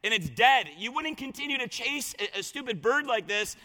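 A man preaching a sermon, retelling a scripture story with lively voiced quotes. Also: very high-pitched, normal speed. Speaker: pastor. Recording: long reverb of a large hall.

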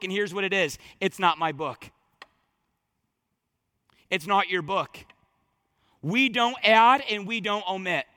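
A man preaching a sermon as pastor, emphatic and repetitive, swinging from loud declarations to hushed words. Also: high voice, dry recording.

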